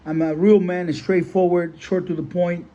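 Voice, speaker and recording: The audio is dull, and the high-pitched voice of a dog breeder shows little pitch movement at a moderate pace. He tells a casual story in a rambling, filler-laden way, full of "you know," blunt and somewhat profane.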